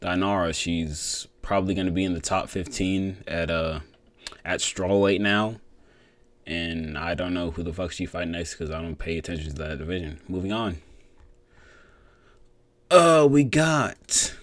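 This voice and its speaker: A young man with a low voice talks through fight results in a loose, unscripted way. He swears a lot, trails off and restarts his sentences. The sound is dry and close, with no room echo. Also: a little slow, a bit bright. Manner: rambling, profane, many fillers and restarts. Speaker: MMA commentator giving fight reactions. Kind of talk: casual solo commentary.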